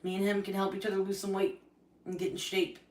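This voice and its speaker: A woman's voice: medium pitch, monotone, quick pace, darkish tone, far from the mic. A young adult woman on a live stream, ranting in a heated, profane and rambling way. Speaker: livestreamer. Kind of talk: angry live-stream rant. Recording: roomy echo, voice off-mic.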